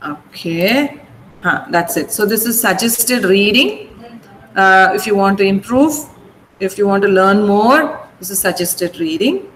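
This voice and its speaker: A woman's voice: medium pitch, animated, unhurried. A woman with an Indian English accent teaching an online English pronunciation lesson. She drills words syllable by syllable and keeps checking with "okay?". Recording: echoey room, faint ambient noise.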